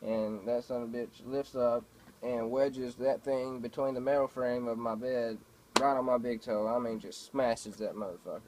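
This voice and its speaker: A laid-back man rambles to his camera at home, trading everyday stories peppered with fillers and swearing. His voice sits at a middling pitch, with a faint hum underneath. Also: steady tone, normal speed. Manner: laid-back, profane, storytelling with many fillers. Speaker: vlogger. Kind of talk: casual rambling monologue. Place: home, indoors.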